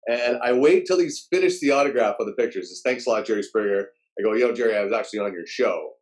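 A man recounting an anecdote in casual talk. He jumps into raised, animated voices to act out what people said. His delivery is lively and conversational. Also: mid-range voice, fast. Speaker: guest storyteller.

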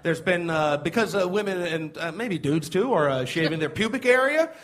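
Male co-host, high voice, meandering live comedy delivery. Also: expressive, normal speed, fairly bright tone. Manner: rambling, many hesitations. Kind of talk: live comedy podcast banter. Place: live show before an audience.

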